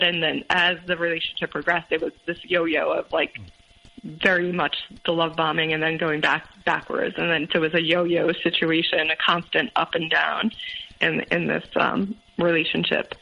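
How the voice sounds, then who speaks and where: A woman recounting her past relationship as a podcast guest, halting and full of fillers. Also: fairly low pitch, level tone, gravelly, highs cut off. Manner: halting, many fillers and restarts. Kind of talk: personal story in interview.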